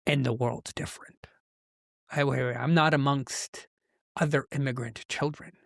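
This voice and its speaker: A man who grew up in Canada as an immigrant, telling a personal story in an interview, acting out the voices of the people in it with big leaps in pitch. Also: steady tone, normal speed, creaky, fairly bright tone, dry recording, studio quality. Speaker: guest, entrepreneur.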